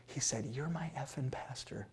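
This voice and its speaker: A man from South Dakota, a pastor, telling a story in an animated, expressive way and laughing at his own tales. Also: mid-range voice, normal speed. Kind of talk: sermon-style storytelling talk.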